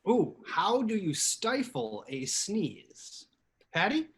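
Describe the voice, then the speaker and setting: A man hosting a live improv comedy show from home over a video call, upbeat and animated. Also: high voice, takes it slowly. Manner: animated, upbeat, hedging fillers. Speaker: host.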